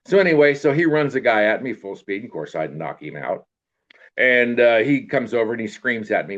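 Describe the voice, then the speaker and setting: An older man with a gravelly, medium-pitched voice tells a rambling, folksy story from his past, speaking briskly and with animation. Being interviewed about his life, he fills the casual storytelling with fillers and tags like "you know what I mean." The recording sounds dull and lo-fi.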